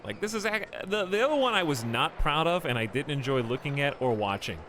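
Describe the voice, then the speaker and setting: A man casually chatting through a live game stream at home, animated and chuckling often. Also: on the high side, brisk, a little hiss or hum.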